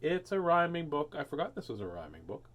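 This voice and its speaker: Guy reading kids' books at home, lively and bright, chats between pages. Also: fairly high pitch, fast talker, slight background noise. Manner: chatty, animated, with dramatic giant lines. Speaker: host reading picture books aloud. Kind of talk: storybook read-aloud with chat.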